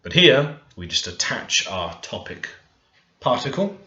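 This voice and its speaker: A man's voice: medium pitch, big pitch swings, measured pace, bright, forceful tone. A man working through a grammar lesson over a screen recording, thinking aloud and stressing the words in his example sentences. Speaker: language learner teaching. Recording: echoey room, dull lo-fi sound.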